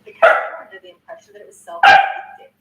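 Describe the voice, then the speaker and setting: An older woman in her sixties, a content creator, recounting a video in a casual, indignant way, swearing often and restarting sentences. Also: fast talker. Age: 60s. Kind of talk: casual recap of a news video. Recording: roomy sound from a distance, faint noise.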